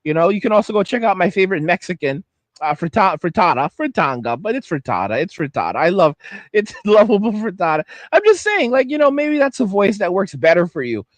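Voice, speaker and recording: High-voiced man ranting bluntly. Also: very animated, fairly quick, dry recording. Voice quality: high-pitched voice. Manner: blunt, heated ranting with many restarts. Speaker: host of a commentary channel. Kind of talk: ranting commentary vlog.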